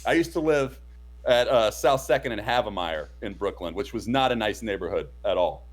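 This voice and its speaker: Man, mid pitch, very lively intonation, rambling storyteller, casual stream chat. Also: moderate pace, soft background music. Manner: rambling storyteller, many fillers. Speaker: podcast co-host. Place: home streaming setup.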